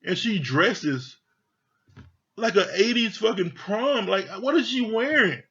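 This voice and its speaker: A man's voice: sits high, expressive, slow pace, bright, forceful tone, husky. A man giving a casual, heated review of a reality TV show, talking bluntly and swearing freely. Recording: dull lo-fi sound.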